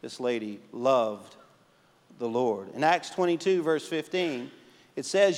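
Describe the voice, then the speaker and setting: A man who pastors a church, preaching a sermon and telling stories, swinging between emphatic and hushed delivery. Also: high voice, animated, unhurried, big-room sound. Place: church sanctuary.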